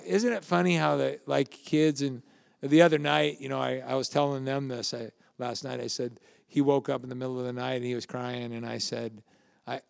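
Older male pastor, gravelly, preaches casually and asks the room questions. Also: medium pitch, no room sound, studio quality. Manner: conversational, anecdotal, asks the audience questions. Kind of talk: sermon.

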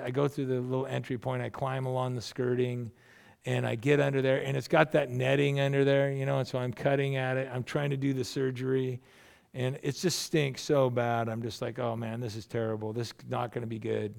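A man's voice: mid-range voice, gravelly, a little mellow. A middle-aged man, a pastor, preaching a sermon in a loose, conversational storytelling way, often restarting his sentences.

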